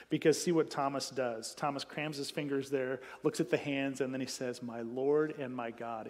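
A man preaching a sermon in a casual, conversational way, acting out quotes and rising to loud emphatic peaks. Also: fairly high pitch, big-room sound. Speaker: pastor.

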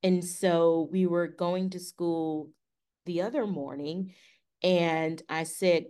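Brief: female podcast co-host, fairly low voice, animated storyteller who acts out dialogue. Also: slow, clean tone. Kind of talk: casual storytelling.

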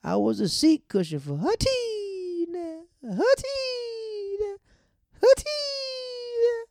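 A rusty tin man who cries out in a high, cracked wail that slides far above a normal speaking voice. The voice sounds strained and tearful, like a figure just freed from rust. Behind the high notes there is a gravelly edge. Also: big pitch swings, slow, darkish tone, no echo, studio quality, full character voice. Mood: anguished wailing.

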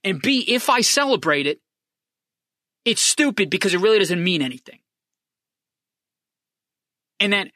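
Fired-up man ranting, bright voice. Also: sits high, unhurried, long pauses, no room sound, clean studio sound. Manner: profane, fired-up, repetitive emphasis; lively swings between loud and hushed. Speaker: podcast host. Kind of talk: impassioned sports fan rant.

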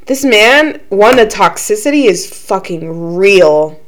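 Animated young woman, lively swearing chat. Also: medium pitch, slow. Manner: animated, swears a lot, laughs often. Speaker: podcast co-host. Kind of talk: casual chat.

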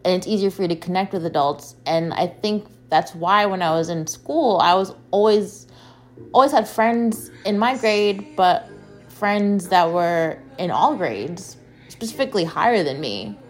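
A woman in her twenties from the American Southwest, hosting a solo podcast and telling stories in an animated, chatty way, full of "like" and restarts. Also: fairly low pitch, a little slow, soft background music. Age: 20s. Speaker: podcast host. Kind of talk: casual solo podcast monologue.

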